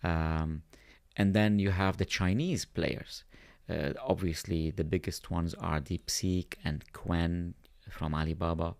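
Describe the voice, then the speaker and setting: Podcast guest, male, lowish voice, dry close sound, measured and thoughtful. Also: steady tone, creaky, dry recording. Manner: thoughtful, pauses with fillers. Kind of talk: conversational explaining.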